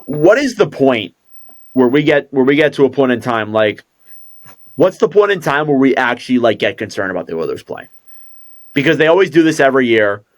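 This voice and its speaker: A man's voice: medium pitch, big pitch swings, a little fast. A man co-hosting a sports podcast speaks in an everyday mid-range voice. He talks loosely, thinking aloud and often hedging. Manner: rambling, hedging. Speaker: podcast co-host. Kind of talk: casual sports chat.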